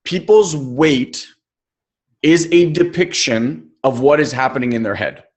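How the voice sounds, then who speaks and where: A man's voice: medium pitch, unhurried, darkish tone. A man coaching in a live webinar, speaking emphatically and casually, with occasional swearing. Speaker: life coach.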